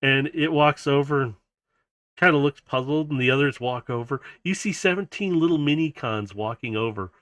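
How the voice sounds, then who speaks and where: A man's voice: medium pitch, moderate pace, fairly bright tone, dry recording. Male game master, casual, laughs often, close and dry. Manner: loose, chuckling narration with fillers. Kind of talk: narrating a tabletop game.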